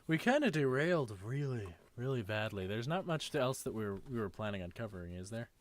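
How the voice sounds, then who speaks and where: Laid-back, wry man with a lively voice. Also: mid-range voice, brisk. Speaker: co-host. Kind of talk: casual late-night rambling chat over a voice call.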